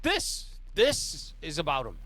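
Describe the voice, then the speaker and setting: A man's voice: a little high, wildly swooping pitch, takes it slowly, a bit bright, voice pushed up, heavily acted. A man voicing a foul-mouthed, exasperated male mob boss who sputters and curses.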